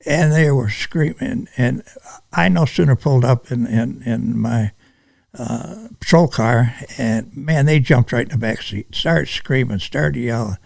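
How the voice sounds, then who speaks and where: An older man from Michigan, a retired police sergeant, telling stories in an interview in a halting, unhurried way with many restarts. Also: medium pitch, creaky, no room sound. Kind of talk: casual storytelling interview.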